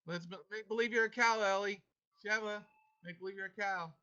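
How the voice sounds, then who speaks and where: An emphatic man teaches a devotional class over a video call, his voice bright and edgy and a touch higher than most men's. He talks in a playful, coaxing way, urging his students to join in. The audio is muffled and dull. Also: fairly even intonation, brisk. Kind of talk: online class devotional and Torah reading.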